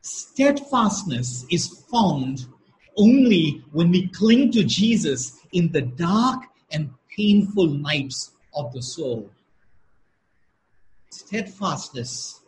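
A man preaching a sermon at a slow, emphatic pace, repeating key phrases for weight. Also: sits high, low-quality recording. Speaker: pastor.

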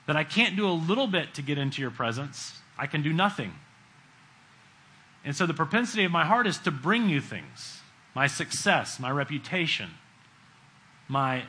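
Bright-voiced man preaching a sermon. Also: on the high side, rough recording. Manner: conversational preaching, acts out quotes, swings between loud and hushed.

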